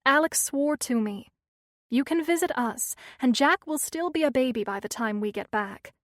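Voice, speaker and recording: A young devoted mother, firm and a little weary, holds her ground in a defensive tone, as a woman narrator voices her. The voice sits somewhat high, and the audiobook recording is dry and close. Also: expressive, moderate pace, no room sound. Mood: insistent.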